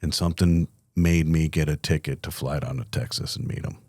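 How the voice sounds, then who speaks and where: A middle-aged man with a low, deep voice tells his story as a podcast guest, lively and candid, blunt enough to swear. The sound is close and dry with no room around it. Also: fairly quick, no room sound. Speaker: company CEO guest.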